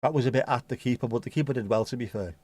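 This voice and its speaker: A man's voice: medium pitch, racing, a little mellow, dry recording. Joking man hosting a match watchalong. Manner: jokey banter, reading out viewer comments. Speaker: watchalong host. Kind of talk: casual live match commentary.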